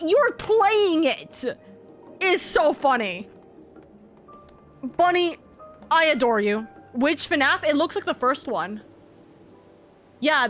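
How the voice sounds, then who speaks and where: Woman streamer, high pitch, excitable, foul-mouthed, soft game music behind. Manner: excitable, profane, laughs often. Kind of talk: casual live-stream chatter.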